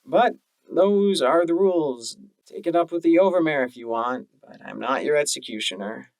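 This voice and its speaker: A man's voice: fairly high pitch, expressive, normal speed, dry recording, pitched above the performer's own voice. A man voicing a callous young mare security guard in an audiobook, offhand and crude.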